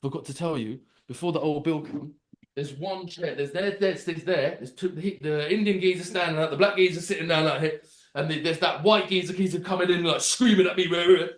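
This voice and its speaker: A man, co-hosting a podcast and telling a story in animated street slang with lots of swearing. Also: fairly high pitch, a little fast. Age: 40s. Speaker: podcast co-host. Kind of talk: casual storytelling chat. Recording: roomy echo.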